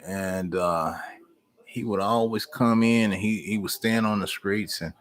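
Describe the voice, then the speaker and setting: Middle-aged man, folksy live-stream host, somewhat low voice, easygoing storyteller. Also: measured pace. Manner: folksy, storytelling, warm Southern American speech with "y'all". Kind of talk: casual live-stream chat, reading viewer comments.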